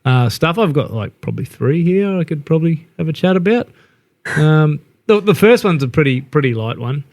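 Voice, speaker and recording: A man's voice: a little high, expressive, normal speed, darkish tone. A middle-aged Australian man telling a rowdy story on a casual podcast, laughing and swearing as he goes. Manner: laughing, swearing yarn-spinner. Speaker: podcast co-host.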